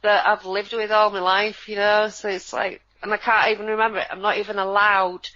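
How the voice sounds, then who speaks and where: A woman, co-hosting in a sardonic, animated casual chat. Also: medium pitch, fairly quick. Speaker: co-host. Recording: dull lo-fi audio.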